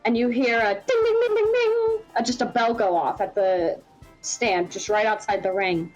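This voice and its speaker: A woman's voice: medium pitch, steady tone, moderate pace, muffled recording, soft background music. A woman running a tabletop game as game master, narrating in a rambling way with many fillers.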